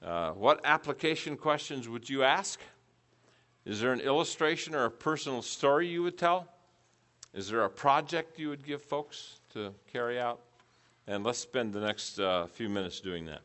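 Bright-voiced man teaching a church class. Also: mid-range voice, lively intonation, moderate pace. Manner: asks the group questions, repeats their answers.

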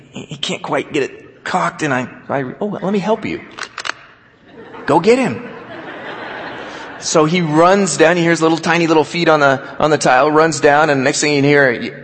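A man preaching a sermon, telling stories with animation and dropping to a quiet voice for scripture. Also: a little high, normal speed, a little hiss or hum. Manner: storytelling, animated, drops to quiet for quoted scripture. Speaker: pastor. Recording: long hall reverb.

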